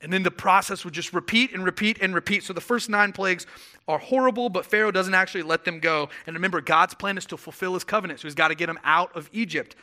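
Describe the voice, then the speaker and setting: Bright-voiced young pastor preaching. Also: male voice, high-pitched, quick pace. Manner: animated storytelling, acting out quoted voices. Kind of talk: sermon.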